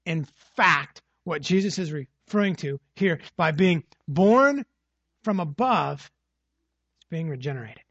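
Male preacher, husky and slightly high-pitched, emphatic teaching delivery with rhetorical check-ins, dry lo-fi recording. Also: lively intonation, unhurried, a bit bright, dry recording. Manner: emphatic, repeats phrases with rhetorical "right?". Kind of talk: expository sermon.

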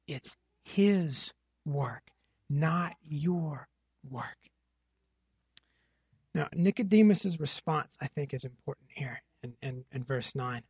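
A man with a somewhat high, husky voice preaches a verse-by-verse sermon. He leans hard on key phrases and keeps checking in with his listeners through "right?" and "okay?". The sound is dry and a little dull, with a lo-fi edge. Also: expressive, slow pace, pauses often, a little mellow, no room sound. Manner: emphatic, repeats phrases with rhetorical "right?". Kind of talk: expository sermon.

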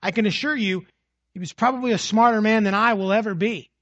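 Male preacher, husky and slightly high-pitched, emphatic teaching delivery with rhetorical check-ins, dry lo-fi recording. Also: fast, a bit bright, no echo. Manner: emphatic, repeats phrases with rhetorical "right?". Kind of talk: expository sermon.

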